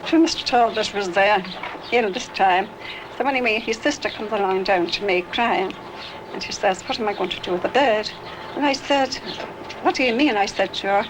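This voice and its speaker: A woman's voice: mid-range voice, normal speed. An older woman with a Dublin Irish accent, recalling a neighbour in a rambling, chatty way and acting out the dialogue. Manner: chatty, acts out quoted dialogue. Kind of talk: rambling reminiscence. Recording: noisy 1960s archive recording.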